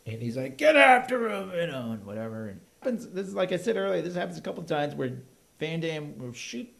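A man chatting casually about a movie as a podcast co-host, animated and laughing as he acts out the lines. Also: fairly high pitch, fast, creaky.

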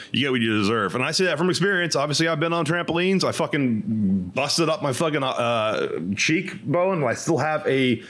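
A man's voice: mid-range voice, a bit bright. A man co-hosting a podcast, rambling and opinionated, swearing freely in casual chat. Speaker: podcast co-host.

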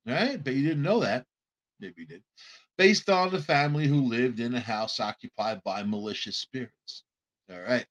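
A man holds forth on a paranormal show in a casual, wandering monologue. He jokes along the way and keeps backing up to restart his sentences. His voice sits at an ordinary middle pitch. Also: fairly bright tone. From Long Island, New York. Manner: loose, joking, self-interrupting with repeated restarts.

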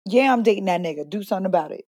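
A woman's voice: mid-range voice, lively intonation, racing, a little mellow, breathy edge, no echo, clean studio sound. Blunt, profane young woman co-host. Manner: blunt, profane and playful, laughs often. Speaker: podcast co-host. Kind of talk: casual chat.

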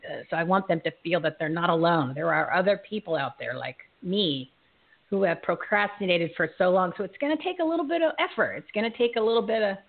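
A woman in her late forties hosting a live show, chatty and excitable, laughing often. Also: mid-range voice. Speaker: host. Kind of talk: casual live show chat. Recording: tinny phone-like line.

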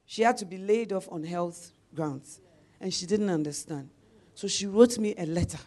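A woman's voice: medium pitch, normal speed, dark tone. A middle-aged woman preacher delivering a sermon, telling a personal story with laughter and calls of amen.

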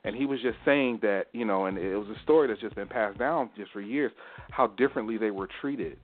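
A man co-hosting a casual panel talk show, telling anecdotes in a lively storytelling way. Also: on the low side, brisk. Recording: tinny phone-like line.

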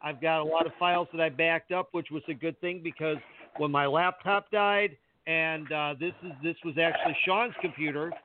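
A man's voice: a little high, steady tone, moderate pace. A man hosting a casual radio chat, easygoing and explaining things at length. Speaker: host. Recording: tinny phone-line audio with faint hiss.

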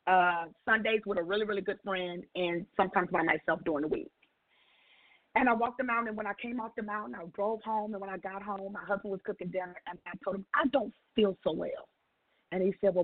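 Woman telling a story down a phone line. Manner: expressive, acts out dialogue with big pitch jumps. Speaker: call-in guest sharing a testimony. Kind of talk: animated storytelling on a call-in show. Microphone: telephone.

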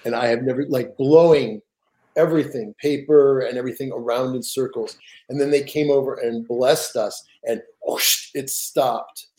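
An older man with a mellow, warm voice tells a long personal story in a relaxed interview. He talks in an animated, rambling way, doubling back on his words as he goes. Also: mid-range voice, moderate pace. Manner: rambling, animated, frequent restarts and laughs. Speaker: guest author.

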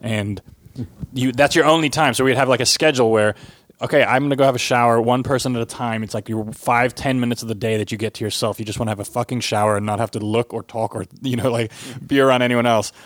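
A man's voice: medium pitch, fairly even intonation, fast talker, dry recording, studio quality. A man co-hosting a podcast, emphatically setting up stories and swearing casually. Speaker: podcast co-host. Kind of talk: casual chat.

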